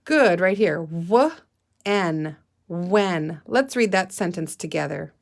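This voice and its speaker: A woman's gravelly, fairly low voice carries lively intonation as she leads young children through guided reading. She works patiently and deliberately, prompting them to say and spell words.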